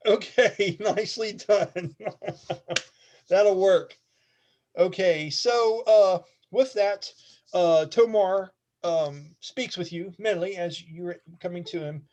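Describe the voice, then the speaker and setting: A man's voice: high-pitched, slow pace, darkish tone, dull audio. A man narrating a tabletop game as game master, casual and rambling, often laughing.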